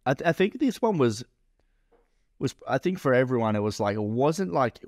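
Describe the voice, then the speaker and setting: A man's voice: mid-range voice, very animated, moderate pace, darkish tone, no room sound, studio quality. A man co-hosting a podcast, telling a story in a rambling, casual way, full of fillers and swearing. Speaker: podcast co-host and business owner.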